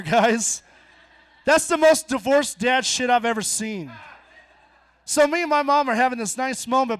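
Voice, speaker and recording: A young man in his twenties performing a stand-up set on a bar stage, telling stories deadpan and then jumping into loud punchlines. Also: very high-pitched. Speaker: stand-up comedian. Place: bar stage before a live audience.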